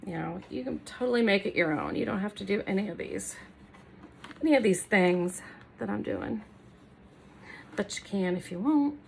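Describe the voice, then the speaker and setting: Woman, middle-aged, casual DIY vlogger, self-deprecating, talks while working; mid pitch. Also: expressive, normal speed, vocal fry, long pauses, slight background noise. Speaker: furniture makeover creator. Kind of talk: casual DIY tutorial chat. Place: home workroom, indoors.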